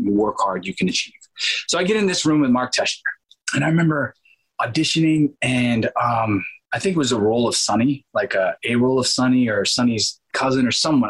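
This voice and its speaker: A man in his thirties, an actor as interview guest, telling stories in a lively, casual way, laughing often and acting out quotes. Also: fairly low pitch, slightly rough, rough recording.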